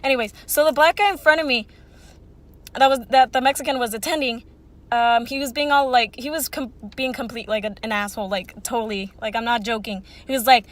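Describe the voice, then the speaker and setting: A woman's voice: on the high side, fairly even intonation, a little fast. A woman in her twenties telling a casual storytime, rambling and swearing freely with lots of "like". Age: 20s. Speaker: vlogger.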